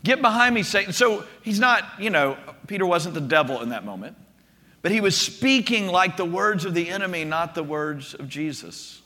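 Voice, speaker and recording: A man preaching a sermon to a congregation, telling the stories in an animated way and often restarting with repeated words. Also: a little high, normal speed. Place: room with a gathered congregation. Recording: long reverb of a large hall.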